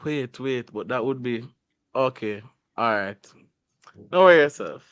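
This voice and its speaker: With a smooth, mid-range voice at a measured pace and no room sound, a radio host keeps things light with a studio guest. He's animated and teasing, laughing often throughout the casual chat.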